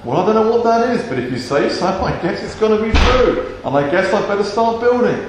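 A man's voice: high voice, expressive, brisk, noisy background. Resigned trusting old man, shrugging manner, as a preacher plays him, echoey hall. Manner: shrugging, matter-of-fact. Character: resigned, trusting old male boat builder.

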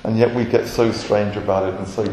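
Man, rabbi, earnest sermon, animated, roomy hall echo. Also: on the low side, a little fast. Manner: earnest, animated, acts out short quotes. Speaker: messianic rabbi.

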